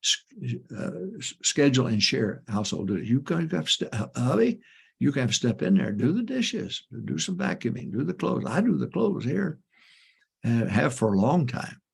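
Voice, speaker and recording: A man's voice: medium pitch, big pitch swings, normal speed, vocal fry, breathy edge. An older man, a pastor, giving folksy advice to church couples in an emphatic way, repeating his warnings and telling homespun stories. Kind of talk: folksy ministry advice talk.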